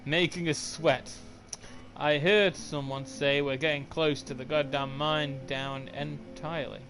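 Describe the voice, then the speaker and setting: A man's voice: fairly high pitch, little pitch movement, measured pace, music in the background. A man hosting a let's play, reading in-game notes aloud and cracking sarcastic jokes as he goes. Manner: joking, sarcastic asides. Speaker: gaming channel host.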